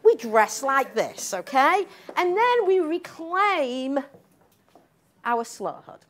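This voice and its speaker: A woman's voice: sits high, sing-song, slow, a little hiss or hum. A middle-aged woman giving a public lecture, emphatic and combative, tagging her points with questions to the audience. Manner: emphatic, combative, frequent "okay?" tags.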